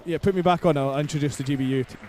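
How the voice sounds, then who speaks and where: A man's voice: on the high side, rapid-fire, warm tone. A man announcing over the public address at an ice rink, joking and laughing between lines. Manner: jokey, laughing asides. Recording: long arena reverb.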